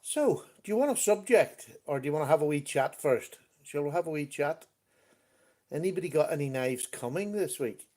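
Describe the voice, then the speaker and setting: A man's voice: on the high side, lively intonation, normal speed, warm tone. A man hosting a casual livestream chat, greeting viewers by name as he talks. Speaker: livestream host. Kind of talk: casual live-stream chat.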